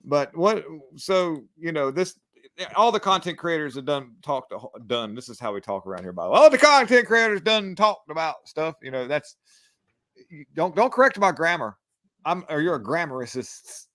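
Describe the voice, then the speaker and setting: A man's voice: a little high, expressive, normal speed, fairly bright tone, no room sound, studio quality. A man hosting a casual political chat show, joking in a folksy way and often breaking into laughter. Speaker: show host.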